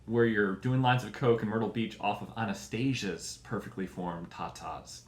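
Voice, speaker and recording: A man hosting a show and delivering a profane comedic rant, animated and full of mock voices. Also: on the low side, moderate pace. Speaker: show host. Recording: echoey room.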